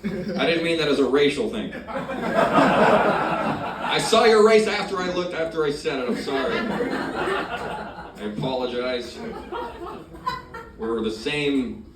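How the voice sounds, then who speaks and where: A male stand-up comedian working a club crowd with crude, brash material, his delivery jumping between loud punchlines and low mumbled asides. The sound is roomy and distant, with heavy audience noise underneath. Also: animated, slow pace, pauses often.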